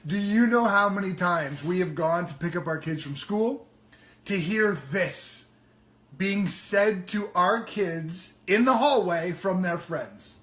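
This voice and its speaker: A man's voice: high voice, takes it slowly, a bit bright, reverberant. Joking man co-hosting a live show. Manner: joking, swears freely. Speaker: co-host. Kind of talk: casual live-show chat.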